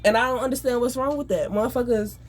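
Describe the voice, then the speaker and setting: A woman venting in an angry, profane, rapid rant. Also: on the high side, darkish tone, a little hiss or hum. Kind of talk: emotional venting monologue.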